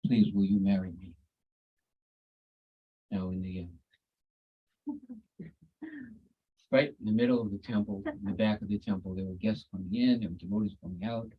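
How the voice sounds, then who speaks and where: A man's voice: on the low side, steady tone, a little fast, long pauses, breathy edge, highs cut off. A man giving a devotional talk over a video call, telling stories in a conversational way with folksy asides. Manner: conversational, folksy asides like "you know" and "cool, eh".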